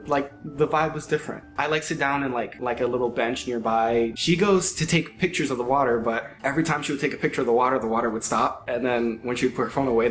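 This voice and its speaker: A young man casually telling a story to friends, animated, acting out quoted voices and often saying "like". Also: mid-range voice, echoey room. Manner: animated, acts out quoted voices, frequent "like" fillers.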